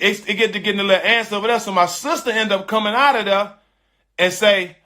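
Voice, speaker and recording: A middle-aged man telling a personal story in casual, slangy speech, animated and emphatic, often repeating his phrases. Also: high-pitched. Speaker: storyteller on a live stream.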